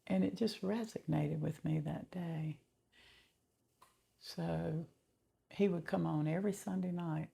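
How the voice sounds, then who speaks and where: A middle-aged woman giving a slow, heartfelt personal faith testimony, often dropping to a whisper. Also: low voice, warm tone. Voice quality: gravelly and very husky. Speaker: testimony vlogger.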